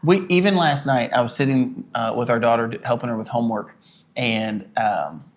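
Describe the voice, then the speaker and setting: A man's voice: mid-range voice, normal speed. A man co-hosting a casual podcast with his wife, telling rambling, jokey stories. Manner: rambling storyteller, jokey, animated when retelling. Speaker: pastor and podcast co-host. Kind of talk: casual chat.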